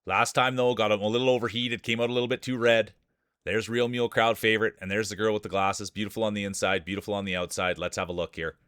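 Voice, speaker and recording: A man streaming live, calling a marble race in joking mock sports commentary with playful hype and teasing shout-outs to viewers. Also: fairly low pitch, steady tone, fast talker, smooth, dry recording, studio quality.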